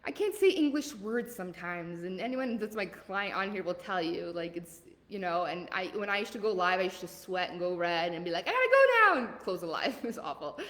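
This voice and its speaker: A woman with a Southern accent leading a live coaching call in a blunt, energetic, motivational way, asking questions and answering them. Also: on the low side, normal speed, few pauses, long reverb tail. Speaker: leadership coach.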